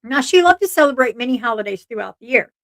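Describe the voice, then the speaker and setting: A slightly high-voiced woman hosting a true crime livestream, talking in a loose, earnest way. She restarts her sentences often and breaks off to speak to her chat. The sound is dry and close, with little room. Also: lively intonation, fast, a bit bright, dry recording. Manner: chatty, earnest, asides to chat, frequent restarts. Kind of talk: casual live-stream narration.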